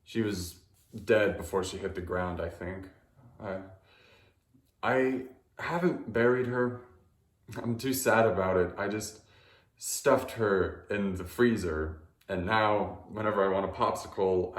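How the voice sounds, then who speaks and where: A man's voice: lowish voice, fairly bright tone. Hesitant man in a roomy space. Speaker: auditioning performer. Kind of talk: deadpan comic monologue.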